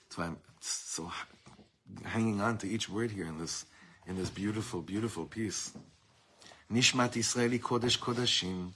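A man with a husky, breathy voice pitched a little low teaches a Torah class to a room of students. He circles his points with restarts and stops to read Hebrew lines aloud. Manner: warm, searching delivery with many restarts and Hebrew quotes.

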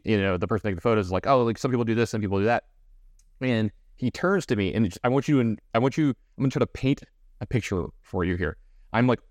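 A man's voice: fairly low pitch, no echo. A man co-hosting a podcast, telling a story in a casual chat with lots of fillers and restarts. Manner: fast, animated storytelling with many fillers. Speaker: podcast co-host.

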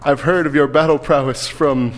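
A man's voice: fairly high pitch, steady tone, normal speed, over loud music, lightly acted. A man voicing a stuffy, formal male town governor who answers evasively.

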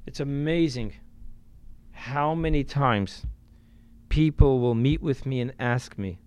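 A man preaching a sermon as a rabbi, emphatic, with sudden swings between loud and quiet, and dropping in Yiddish and Hebrew religious terms. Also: mid-range voice, slow, smooth, no room sound.

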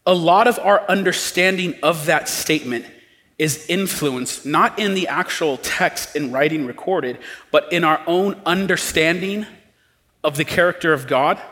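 A man preaches in a loose, conversational way, slipping into different tones when he acts out quotes. His voice sits a bit high. The sound carries a long reverb, as in a church hall. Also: unhurried, pushed and bright. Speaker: pastor. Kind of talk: sermon.

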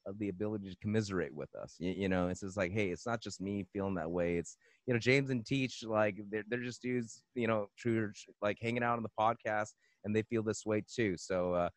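Rambling laid-back man, lowish dry voice. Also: a little fast, hardly any pauses, no room sound. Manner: rambling, full of fillers and "man". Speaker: guest musician. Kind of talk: casual podcast chat.

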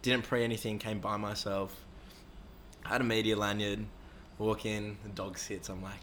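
A man's voice: on the low side, flat delivery, moderate pace, a bit bright, slight background noise. A young man telling a rambling story in casual, sweary talk, acting out quoted voices. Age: young adult. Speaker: interviewee.

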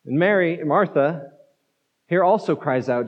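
A man's voice: fairly high pitch, animated, unhurried. A man pastor giving a conversational sermon, repeating words as he goes and acting out the quotes. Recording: dull muffled sound in a reverberant hall.

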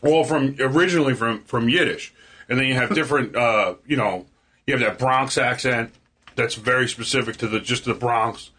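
A man's voice: mid-range voice, normal speed, pushed and bright. A man with a Queens accent chatting casually in a tattoo shop, rambling with stammers and restarts. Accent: Queens, New York. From Queens, New York. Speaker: podcast host as guest. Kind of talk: casual chat. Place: tattoo shop after hours.

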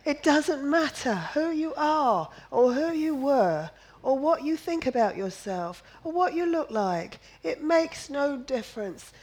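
A woman's voice: sits high, a little mellow, low-quality recording. A woman preaching a sermon, emphatic and repetitive, firing off rhetorical questions and slipping in playful jokes. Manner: drops in playful asides and jokes.

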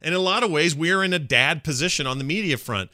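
American guy co-host, bright forceful tone, conversational and opinionated, dry sound. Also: fairly high pitch, fast talker, dry recording. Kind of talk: casual podcast debate.

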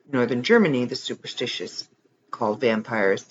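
Male reader, casual, wry asides, animated pitch, slightly muffled home recording. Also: normal speed, a little hiss or hum. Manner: joking, reads text then adds wry comments. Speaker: reader of online articles. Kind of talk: casual reading aloud with asides.

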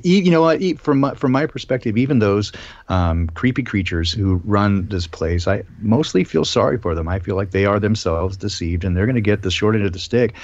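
A man hosts a casual live-stream talk, hesitating often and restarting his sentences. His voice sits a little low. The audio is dull and dry, like a remote call. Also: expressive, a little fast, darkish tone, no echo. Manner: hesitant, many ums and restarts. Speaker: host.

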